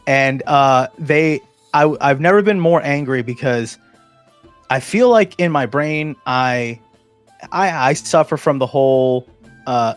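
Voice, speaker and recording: A man's voice: medium pitch, a little slow, clear, resonant tone, faint music behind. A man hosting a casual chat, telling a long story with many restarts and fillers. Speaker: podcast host.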